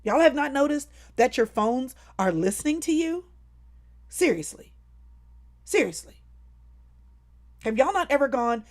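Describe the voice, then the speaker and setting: She hosts a casual live stream from home, playful and over-the-top as she talks to viewers. Her high-pitched voice is unhurried and pauses often.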